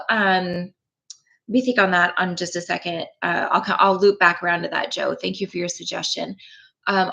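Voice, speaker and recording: A woman hosts a live tapping session, gentle and encouraging, greeting chat viewers and saying "um" frequently. Her voice is on the low side and creaky, and the recording is rough.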